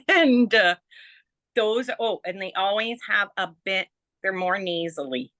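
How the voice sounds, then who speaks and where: Slow-talking Canadian woman, bright voice. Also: mid-range voice, animated, dry recording. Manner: chatty, laughs often, mimics voices. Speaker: guest. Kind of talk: casual chat.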